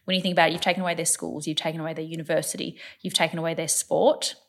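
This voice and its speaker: A woman's voice: deep voice, flat delivery, rapid-fire. An Australian woman in her thirties, chatting on a podcast, emphatic and stacking points into repeated lists. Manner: emphatic, builds repetitive lists. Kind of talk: casual podcast chat.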